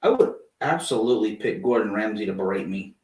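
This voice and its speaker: A woman's voice: rumbling low, animated, brisk, darkish tone, a little hiss or hum. A woman co-hosting a casual livestream podcast, reading the chat and making dry, self-mocking jokes. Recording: echoey room, distant mic.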